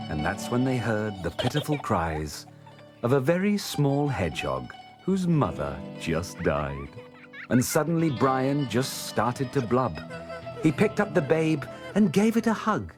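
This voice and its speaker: A man narrates a dark fairy tale in rhyme, taking his time over each phrase. His voice swoops through a wide range. A film score plays clearly behind him. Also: mid-range voice, big pitch swings. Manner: slow, dramatic rhyming storytelling. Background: orchestral music.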